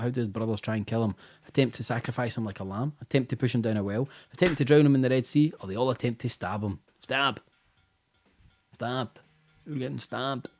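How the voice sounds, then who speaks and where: A man's voice: medium pitch, a little mellow. A Scottish man hosting a casual live-stream quiz, chatty and teasing, tired after a busy day, over faint music. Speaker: quiz host.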